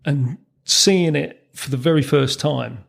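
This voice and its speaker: Man, fifties, gravelly voice, rambling anecdotes, chuckling, podcast guest. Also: fairly high pitch, measured pace. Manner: anecdotal, chuckles through his stories, many ums and restarts. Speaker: guest, former racing mechanic. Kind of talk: storytelling in a podcast interview.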